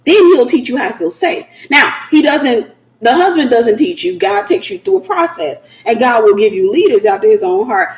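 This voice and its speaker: A host delivers a preaching livestream talk in an animated style, repeating phrases and slipping into laughing asides. Her voice sits high, and the room echoes around her.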